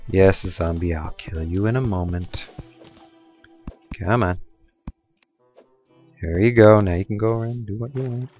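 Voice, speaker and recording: A man's voice: deep voice, unhurried, pauses often, darkish tone, soft background music. A young man casually commenting on his own gameplay, rambling with goofy, self-mocking asides. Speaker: let's play gamer.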